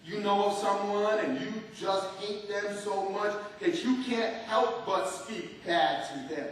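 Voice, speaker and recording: A man preaching a sermon as pastor, animated and leading his congregation in call-and-response. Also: sits high, a little slow, a little hiss or hum. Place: large church hall. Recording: echoey church hall from far off.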